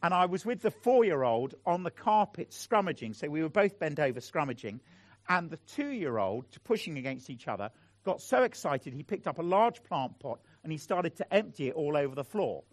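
A middle-aged man delivers a sermon in a fairly high, lively voice that rises and falls as he speaks. His earnest, pleading appeals to the congregation are recorded close and dry. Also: normal speed, dry recording. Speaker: preacher.

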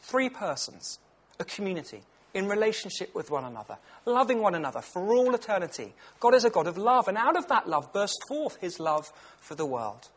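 A man's voice: high voice, big pitch swings, a little fast, a bit bright, husky. A British man in his thirties giving a lunchtime Bible talk in a conversational, earnest way, with personal stories. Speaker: preacher.

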